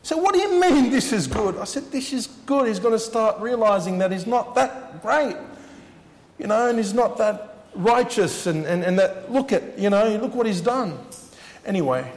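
A man's voice: sits high, expressive, moderate pace, in a large hall. A man preaching a sermon as he shares his testimony, earnest and repeating his words for emphasis.

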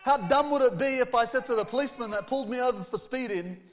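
Man, pastor, sermon, very high pitch, earnest, long hall reverb. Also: fast talker, a bit bright. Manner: earnest preaching, reads scripture aloud, rhetorical questions.

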